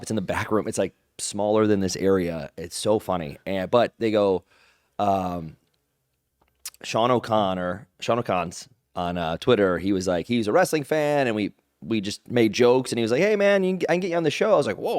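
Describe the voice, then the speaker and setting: A man telling stories as an interview guest, animated and rambling, acting out other people's lines in his own voice. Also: on the low side, moderate pace, dry recording, clean studio sound. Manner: rambling with restarts and "like". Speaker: guest, pro wrestler. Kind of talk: casual interview storytelling.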